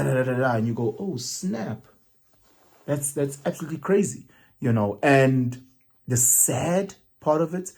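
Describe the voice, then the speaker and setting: A man's voice: mid-range voice, mellow, slightly rough. A man, talking through a reflective personal monologue and slipping local words into his English as he thinks aloud. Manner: musing, mixes isiZulu words into English, hesitant restarts. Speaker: vlogger.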